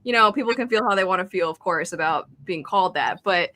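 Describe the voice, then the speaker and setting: Woman streamer, casual chat, bright voice, dry close sound. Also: fairly low pitch, lively intonation, quick pace, no echo. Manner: chatty, reads chat aloud, laughs often. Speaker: streamer hosting a reading sprint.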